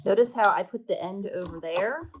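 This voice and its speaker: A woman's voice: mid-range voice, moderate pace, slight background noise, rough recording. A woman teaching a paper craft step by step, chatty and a little self-mocking as she works. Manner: chatty and self-deprecating, talking while working. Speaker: art teacher.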